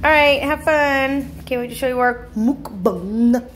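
A woman's voice: high-pitched, measured pace, faint music behind. Chatty, giggly young woman vlogger. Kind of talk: casual chat while baking. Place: home kitchen.

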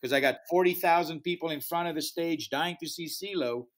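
A man speaks in a somewhat higher register as he tells a story from behind the scenes of a festival. He jumps into quoted dialogue, and his English has a slightly non-native turn of phrase. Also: brisk. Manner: animated, acts out quoted dialogue. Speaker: music festival founder. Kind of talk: interview storytelling.

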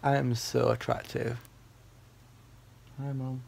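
A man's voice: mid-range voice, level tone, takes it slowly, vocal fry, darkish tone, a little hiss or hum. A young man vlogging casually into his phone, sarcastic and rambling, with a slight lisp from a retainer. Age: young adult. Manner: sarcastic, rambling, self-mocking. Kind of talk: casual vlog to a phone camera. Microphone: phone held at arm's length.

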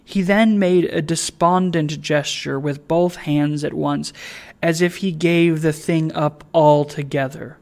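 A man on a library staff reading a classic novel aloud in a slow, measured narration. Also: fairly high pitch, fairly even intonation, darkish tone.

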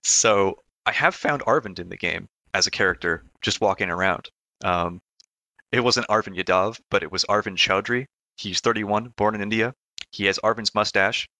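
A man with a low, bright voice chats as a podcast guest about making games. He pauses and hedges, laughs often, and sounds relaxed. The sound is close and dry. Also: no room sound. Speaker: game developer guest. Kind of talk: casual podcast chat.

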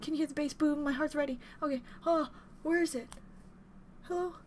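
A woman hosting a live reaction video, very expressive and excitable, gasping and squealing as she talks. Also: high-pitched, brisk, background noise. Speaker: reaction channel host. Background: loud music playing.

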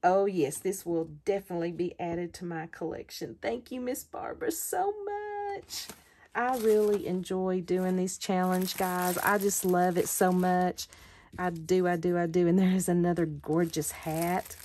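A woman's voice: lowish voice, fairly even intonation, moderate pace, dark tone, slight background noise. A woman hosting her craft channel, chatting casually as she unboxes mail, gushing with thanks and delighted exclamations.

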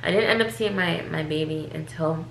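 A woman's voice: sits low, normal speed, gravelly, slight background noise. A woman vlogger telling her story in a chatty, casual way, leaning on "like" and repeating words. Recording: echoey room.

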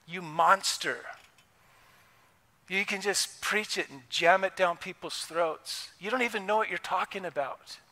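A man preaches with a high, bright, ringing voice, talking to the congregation in an impassioned, conversational way. His words trail into a long reverb from the church hall around him. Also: a little slow. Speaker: pastor. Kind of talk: sermon. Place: church sanctuary.

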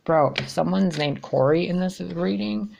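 A woman's voice: fairly low pitch, measured pace, gravelly, a little mellow, a little hiss or hum. A woman giving a tarot reading in a blunt, exasperated way, swearing freely as she talks to her viewers. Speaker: tarot reader.

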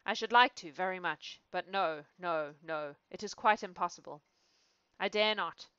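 A woman's voice: lowish voice, normal speed, fairly bright tone, clear, resonant tone, no echo, natural voice. A woman voicing a despondent male doctor in a storybook reading, who speaks drearily with sighs. The close, dry recording is a little dull. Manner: dreary, sighing.

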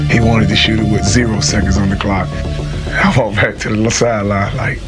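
A man's voice: fairly low pitch, fairly even intonation, fairly quick. A man plainly recounting a game moment as a former opponent in an interview. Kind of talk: casual interview storytelling. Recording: music playing behind.

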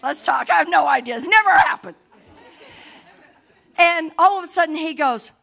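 A middle-aged woman pastor preaching a sermon boldly, rising to shouts between laughing asides. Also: very high-pitched, animated, normal speed, gravelly.

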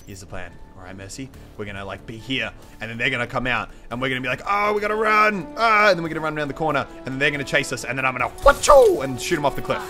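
A young man giving excitable, swearing live commentary over a video game, often shouting at the screen. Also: mid-range voice, rapid-fire, hardly any pauses, soft background music. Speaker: gaming channel host.

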